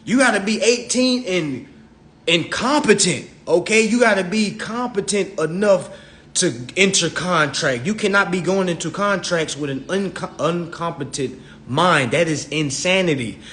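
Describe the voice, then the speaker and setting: A man's voice: high-pitched, measured pace, fairly bright tone. A young adult man hosting a phone livestream, talking bluntly and profanely in a preachy rant full of acted-out dialogue. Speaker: social media live host.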